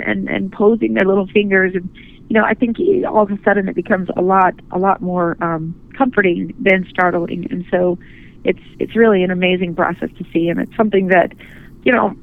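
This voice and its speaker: A woman guest, a photographer, speaking earnestly and gently in a phone interview, often restarting her sentences. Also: medium pitch, creaky. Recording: tinny phone line.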